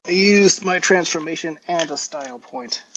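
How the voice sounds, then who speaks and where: A man playing a tabletop role-playing game, casually describing his hero's moves in a halting, rambling way full of fillers. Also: high voice, steady tone, fairly bright tone, a little hiss or hum. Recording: dull lo-fi audio.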